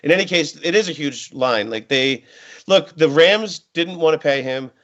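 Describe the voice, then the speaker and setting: Man co-hosting football talk, rambling with fillers, a bit high voice, muffled lo-fi audio. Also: expressive, moderate pace, a bit bright. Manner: rambling, filler-heavy, joking. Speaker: podcast co-host. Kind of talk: casual football analysis.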